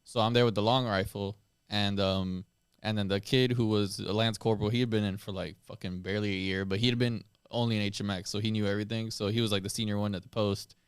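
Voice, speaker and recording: A man's voice: on the low side, fairly even intonation, fast, smooth, no echo, studio quality. An American man in his thirties hosting a podcast, telling a story in laid-back, swear-heavy casual chat. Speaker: podcast host.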